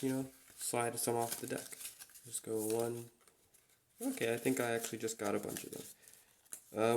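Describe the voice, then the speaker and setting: A man hosting a relaxed solo chat, slowly repeating Japanese words as he teaches them. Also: lowish voice, slight background noise. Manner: relaxed, slow and repetitive when pronouncing words. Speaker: podcast host.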